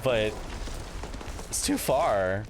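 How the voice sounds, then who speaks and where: Animated streamer dad with lively pitch. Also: male voice, very slow, noisy background. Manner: animated, laughs often, acts out family dialogue. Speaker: gaming livestreamer and father. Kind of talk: casual livestream chat. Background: game music.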